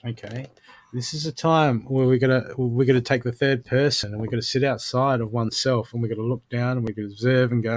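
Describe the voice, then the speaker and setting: A man's voice: medium pitch, fairly even intonation, fast. A man doing a live oracle card reading, coaching the listener directly and punctuating his advice with frequent "okay"s. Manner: coaching, repeats "okay" often; addresses the listener directly with pep-talk advice. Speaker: intuitive card reader.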